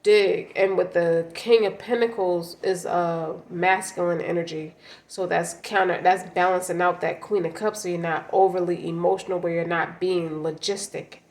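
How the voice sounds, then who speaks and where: A woman's voice: on the low side, fairly even intonation, normal speed, a little mellow, roomy sound. A woman giving a casual, blunt tarot reading, swearing freely and sometimes speaking as the listener's partner. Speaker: tarot reader.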